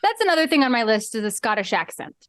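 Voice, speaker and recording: A woman co-hosting a friendly podcast, giggly and chatty, with lots of "like" in her talk. Her voice is fairly high and recorded dry and close, with no room around it. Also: big pitch swings, fast, a bit bright, no echo. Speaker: podcast co-host. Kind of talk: casual chat.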